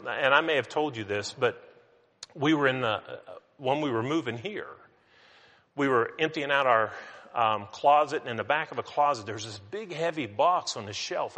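A man's voice: mid-range voice, bright, forceful tone. A middle-aged male pastor giving a sermon in a conversational, storytelling way with self-mocking humor. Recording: reverberant hall.

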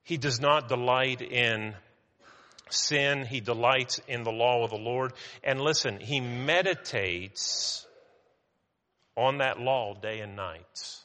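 A man preaching a sermon with a bright, forceful voice. He talks the way you would in conversation, with restarts, and slows right down to stress a point. The voice carries a long reverb from the church hall around him. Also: mid-range voice. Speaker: pastor.

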